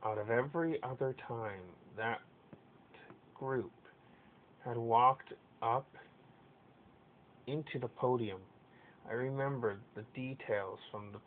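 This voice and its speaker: A man narrating a fan story aloud in a steady reading with occasional stumbles. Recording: tinny lo-fi with faint rumble.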